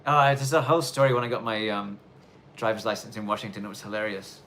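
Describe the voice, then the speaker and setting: A man's voice: on the low side, fairly even intonation, fast talker, fairly bright tone, slight background noise. Casual rambling man on a livestream. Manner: loose, rambling, many fillers. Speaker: livestream host. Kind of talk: casual live Q&A chat. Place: snowy countryside in Japan.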